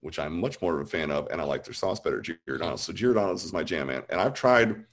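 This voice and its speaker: A man's voice: low-pitched, expressive, quick pace. A man in his forties from Illinois, chatting casually and animatedly, with frequent restarts. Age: 40s. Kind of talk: casual chat.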